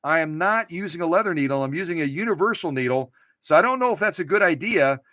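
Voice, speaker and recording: A man's voice: a little high, expressive, fast talker, bright, forceful tone, no room sound. A man hosting a casual sewing machine demonstration in a workshop, playful and jokey, cheering on his machine and camera. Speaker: host restoring and demonstrating vintage sewing machines. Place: home workshop.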